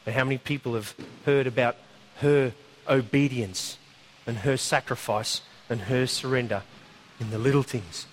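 A man preaching a sermon, telling a story in a conversational, animated way with asides. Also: mid-range voice, moderate pace, slight background noise.

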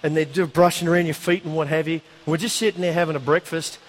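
Chatty storytelling preacher, Antipodean twang. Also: male voice, on the high side, fast talker. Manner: conversational, animated storyteller with asides. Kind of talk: sermon storytelling.

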